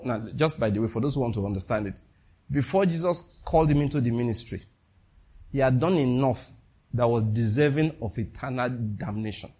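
A man's voice: mid-range voice, a little mellow, breathy edge. A man preaching a sermon, firing rhetorical questions at his listeners and laughing at his own jokes.

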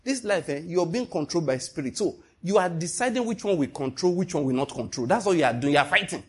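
A man preaching a sermon, animated and emphatic, asking his listeners one rhetorical question after another. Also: on the high side, fast talker, husky.

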